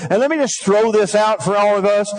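A middle-aged man preaching a sermon, calling for responses from the congregation and telling folksy stories in a quieter aside voice. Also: fairly quick. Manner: folksy storytelling, drops to a low aside. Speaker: pastor.

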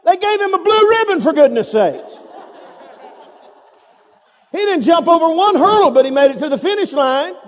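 A man's voice: extremely high pitch, animated, normal speed, long pauses, a faint crowd. A man preaching a sermon, telling a story dramatically with sound effects and repetition. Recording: reverberant hall.

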